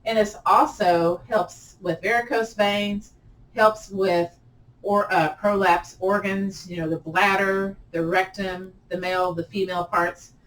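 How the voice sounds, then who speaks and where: A woman teaching a gentle yoga class, chatty and encouraging, often laughing at herself. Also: mid-range voice, fairly even intonation, a little slow, echoey room, distant mic, poor audio. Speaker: yoga instructor.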